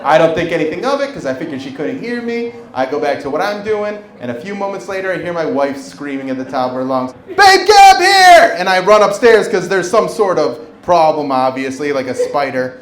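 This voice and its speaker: A man in his forties performing a stand-up comedy set on a club stage, telling an animated story and acting out the voices of the people in it. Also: fairly high pitch, brisk, few pauses. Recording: roomy live club recording with crowd laughter. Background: audience laughter.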